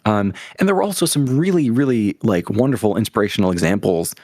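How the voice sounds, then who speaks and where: A man's voice: on the low side, big pitch swings, quick pace, a little mellow, no echo, clean studio sound. A young adult man telling stories as a podcast guest, enthusiastic and rambling, with many restarts. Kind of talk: casual interview storytelling.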